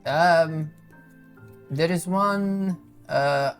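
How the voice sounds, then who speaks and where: A man voicing a helpful townsperson who gives street directions haltingly, with many fillers. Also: on the high side, soft background music.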